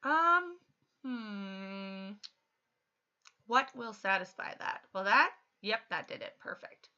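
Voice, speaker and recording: A thirty-year-old woman chatting casually while livestreaming a game, upbeat and quick to laugh. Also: medium pitch, lively intonation, pushed and bright, smooth. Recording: slightly muffled lo-fi stream audio.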